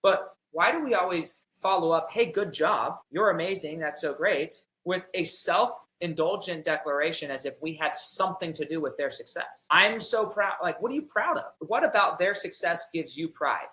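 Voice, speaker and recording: A man's voice: fairly high pitch, normal speed, few pauses, sharp tone, reverberant, rough recording. A man in a casual faith podcast conversation, thinking aloud and searching for the right words.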